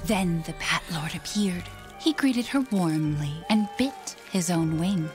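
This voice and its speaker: An actress narrating a dark fairy tale in a video game, telling a bedtime story in a hushed, low voice. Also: female voice, animated, unhurried. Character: young mother telling her baby a bedtime tale. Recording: music in the background.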